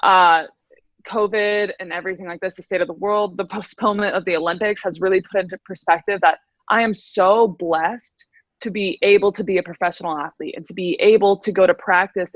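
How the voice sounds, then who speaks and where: A woman's voice: lowish voice, steady tone, a little fast, no room sound. Twenties female athlete guest, bubbly and chatty, dry slightly dull sound. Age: 20s. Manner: upbeat, laughs often, many fillers. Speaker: professional swimmer guest. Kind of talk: casual interview chat.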